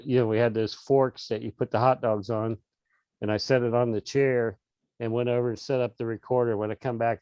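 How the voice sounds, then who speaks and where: Speaking on the low side with a darkish tone, a middle-aged man appears as an interview guest on a video call. The lo-fi audio has no echo, and his casual story wanders, full of restarts and fillers.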